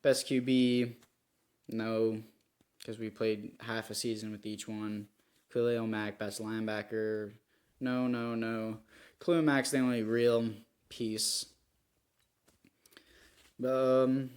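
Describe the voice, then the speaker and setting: A man's voice: mid-range voice, a little mellow, clean tone. A young man giving rambling, self-critical commentary over a football video game, with frustrated outbursts. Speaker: gaming YouTuber. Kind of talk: gameplay commentary.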